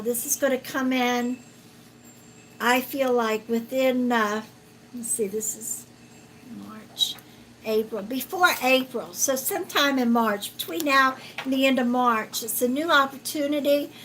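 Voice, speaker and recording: A woman giving a live-stream card reading as a psychic, talking gently and haltingly with many fillers and calling viewers sweetheart. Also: a little high, a little hiss or hum, poor audio. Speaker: psychic reader.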